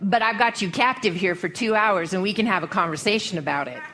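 A woman's voice: mid-range voice, a little fast, sharp tone. A woman preacher with a Western American accent, giving a folksy, humorous sermon full of storytelling.

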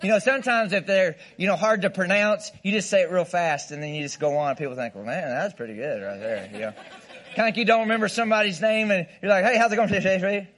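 High-voiced, playful preaching man. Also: lively intonation, fast talker, fairly bright tone. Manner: playful, emphatic preaching with call-and-response and mock laughter. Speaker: guest pastor. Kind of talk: sermon.

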